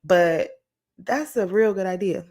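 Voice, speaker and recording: A woman's voice: medium pitch, a little slow. Encouraging woman turning forty. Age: late 30s. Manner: energetic, encouraging, conversational with frequent "okay?" and "right?". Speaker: motivational vlogger. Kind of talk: casual motivational talk to camera.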